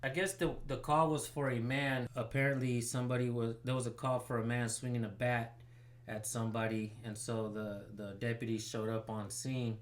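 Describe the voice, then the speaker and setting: A man's voice: mid-range voice, flat delivery, moderate pace. A man hosting a citizen journalism channel, commenting casually and pressing a sheriff's station by phone. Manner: casual, rambling, filler-heavy.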